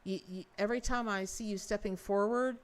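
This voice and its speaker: A woman hosting a live-stream tarot reading, talking in an effusive, rambling way with many restarts and speaking warmly to her viewers. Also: medium pitch, steady tone, a little fast. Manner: folksy and affectionate with viewers. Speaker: tarot reader and livestream host.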